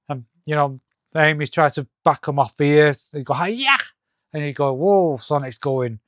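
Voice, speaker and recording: A man with a fairly high, smooth voice that comes across dry and close. He talks in a halting, hesitant way, full of fillers and restarts, and reads the comic's lines aloud in his own voice. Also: no echo. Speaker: comic reviewer. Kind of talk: casual comic-book walkthrough.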